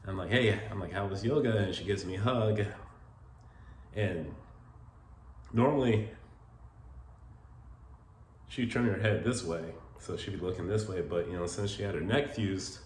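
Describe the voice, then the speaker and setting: Deep-voiced man rambling through a personal story. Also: a little slow, pauses often, a little mellow. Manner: rambling, many "like" fillers, emotional. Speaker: vlogger telling stories about his late partner. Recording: roomy echo with faint ambient noise.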